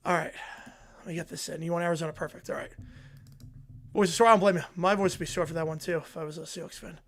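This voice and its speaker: A young man with a fairly high voice hosts a live football reaction stream from his home desk, speaking quickly into a desk mic while wearing headphones. Excitable and rambling, he reads viewer messages and donations aloud as he chats.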